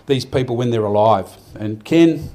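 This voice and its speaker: A man's voice: mid-range voice, moderate pace, dark tone. An older Australian man giving a rambling, heartfelt speech at a farmers' awards night, with many restarts. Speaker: event organiser giving a speech. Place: event hall.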